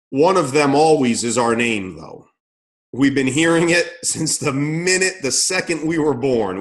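A middle-aged man explaining how coaches should communicate, emphatic and direct, often repeating words and asking rhetorical questions. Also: medium pitch. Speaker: coaching consultant. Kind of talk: instructional talk.

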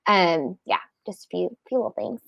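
A woman's voice: mid-range voice, normal speed, gravelly, fairly bright tone, no room sound. A young woman, a podcast guest chatting in a bubbly way, full of "like" fillers. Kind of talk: casual podcast chat.

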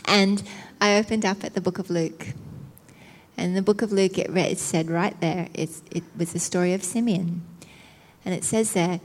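A woman preacher telling a personal testimony as a sermon, animated and self-mocking, often laughing as she tells it. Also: on the low side, moderate pace. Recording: reverberant hall.

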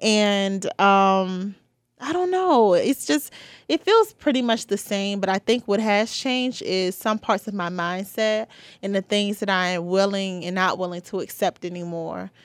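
A woman's voice: medium pitch, measured pace, smooth, dry recording. Chatty young woman. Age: 20s. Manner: chatty, heartfelt, with many fillers. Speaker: podcast host. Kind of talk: casual personal monologue.

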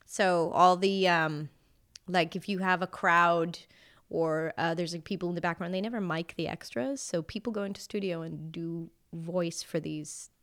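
A woman, a voice actress guesting on a podcast, telling relaxed anecdotes with many fillers. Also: on the low side, normal speed. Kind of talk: casual interview chat.

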